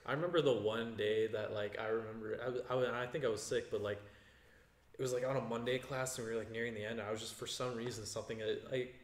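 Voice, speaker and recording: A man hosting a casual podcast, with a middle-pitched voice and a rambling, excitable way of talking full of fillers. He sounds like he is in an echoey room. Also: fast talker. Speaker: podcast host. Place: gym.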